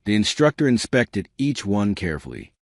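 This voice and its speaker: A man narrating a science fiction story with steady, scripted delivery. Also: fairly low pitch, moderate pace, no echo, clean studio sound.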